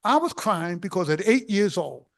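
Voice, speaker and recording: Older guy from the bronx, fired-up speech, high voice w some fry, tells stories and shouts the big points. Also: moderate pace. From South Bronx, New York. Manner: animated storytelling, bursts of shouted emphasis. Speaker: keynote speaker. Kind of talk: inspirational speech.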